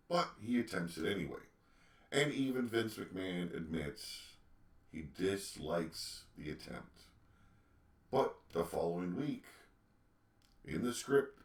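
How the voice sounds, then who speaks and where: A man hosting a solo opinion podcast, ranting with emphatic rhetorical questions. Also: sits low. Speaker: podcast host. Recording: echoey room, distant mic.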